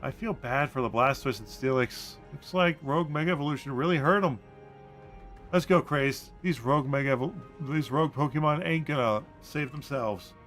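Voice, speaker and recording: A man's voice: mid-range voice, moderate pace, fairly bright tone, soft background music, natural voice. A man putting on a drawling old construction boss. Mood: determined. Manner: folksy drawl, slipping into a Southern twang.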